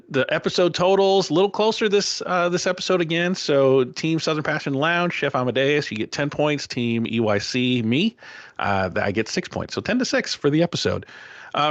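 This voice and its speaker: A man hosting a podcast, recapping a cooking show in a casual, animated way. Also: mid-range voice, no room sound, muffled recording. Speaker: podcast host.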